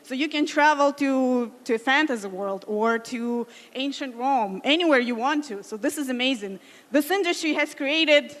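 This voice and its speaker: A woman in her thirties gives a conference talk on stage, her somewhat high, slightly bright voice ringing with the long reverb of a large hall. She speaks earnestly in careful second-language English, with many fillers and restarts.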